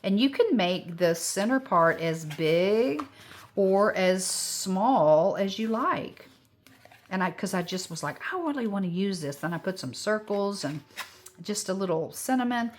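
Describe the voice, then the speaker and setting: A woman's voice: mid-range voice, expressive, moderate pace. A woman hosting a casual craft tutorial, explaining each step in a chatty way with many fillers. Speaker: craft channel host.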